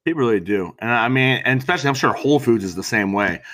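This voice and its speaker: A man's voice: mid-range voice, quick pace. A man in casual podcast chat, swearing freely and laughing through his stories. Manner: profane, laughing, animated storytelling.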